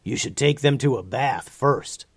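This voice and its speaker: A man voicing a blunt, gruff huge gray dragon in a storybook reading, speaking with a growl. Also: mid-range voice, measured pace, no echo. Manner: growling, dry.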